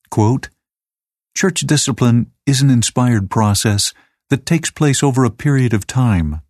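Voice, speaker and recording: Guy reading a lesson manual out loud, steady and even, kinda low voice. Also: dry recording, studio quality. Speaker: reader of a teacher's manual. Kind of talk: scripted instructional reading.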